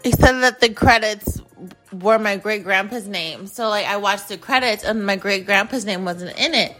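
A woman's voice: medium pitch, moderate pace, a bit bright, faint music behind. A young woman from Phoenix hosting a podcast, telling a personal story in a blunt, profane way with lots of "like". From Phoenix, USA. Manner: blunt and profane, heavy use of "like". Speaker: podcast host. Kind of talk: casual storytelling monologue.

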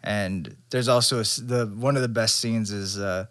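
Young man, low voice, casual podcast chat, rambling, filler-heavy. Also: normal speed. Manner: rambling, animated, full of fillers. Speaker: podcast co-host. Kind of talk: casual chat about movies.

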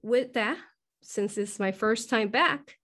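A woman's voice: on the high side, measured pace, fairly bright tone. Emotional woman host, short of breath. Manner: emotional, laughs often, tearful at times. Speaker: host and hypnosis teacher. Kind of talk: live spiritual Q&A talk.

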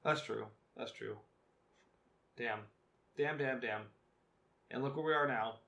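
A man's voice: mid-range voice, measured pace, creaky, pushed and bright. A man in his twenties co-hosting a podcast, telling rambling stories in casual chat, laughing often and swearing freely. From Northern California. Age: 20s. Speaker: podcast co-host.

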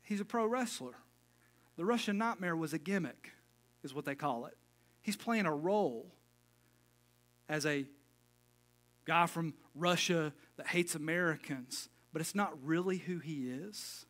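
A middle-aged man preaches a relaxed, folksy sermon as pastor. He jokes with the congregation between his points. His voice sits a little high and sounds bright and clear. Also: a little slow, pauses often. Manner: folksy, joking asides, casual sermon talk.

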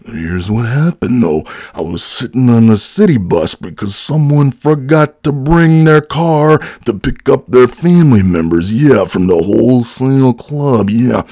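A man's voice: mid-range voice, creaky, a little mellow, no echo, studio quality. A man voicing a boastful, flamboyant wrestler uncle in a comedy voicemail, with a growled, drawling delivery full of catchphrases.

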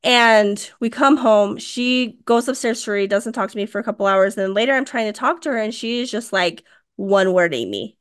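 A woman in her thirties co-hosting a podcast, telling a story in a casual, animated way. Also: medium pitch, normal speed, smooth. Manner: animated storytelling, acts out quoted dialogue. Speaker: podcast co-host.

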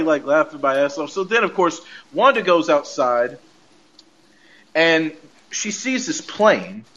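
A man's voice: fairly high pitch, fairly bright tone, dull audio. A podcast host casually recapping a TV episode, laughing often and acting out the characters' lines as he retells the scenes.

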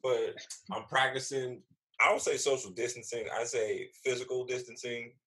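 A man's voice: moderate pace, low-quality recording. A man, a comedian guest, telling a story in casual, profane chat, acting out the people he quotes. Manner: animated, acts out quoted voices with big pitch jumps; slangy and profane.

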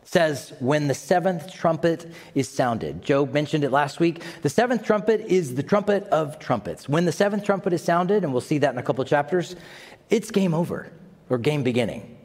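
Animated preacher man in a reverberant hall. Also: on the high side, normal speed. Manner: animated, dramatic preaching with asides to the congregation. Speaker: pastor. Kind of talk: sermon.

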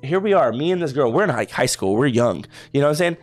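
A man's voice: medium pitch, lively intonation, fast, faint music behind. A young man from Texas co-hosting a podcast, telling a long rambling story in casual chat and saying "bro" a lot. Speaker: podcast co-host.

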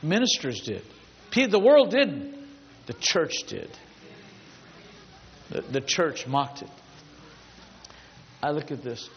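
A man's voice: on the high side, huge pitch swings, slow, pauses often, a little hiss or hum. A man preaching a sermon as a pastor, telling stories emphatically and building long repetitive lists. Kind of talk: storytelling sermon. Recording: dull lo-fi sound with long hall reverb.

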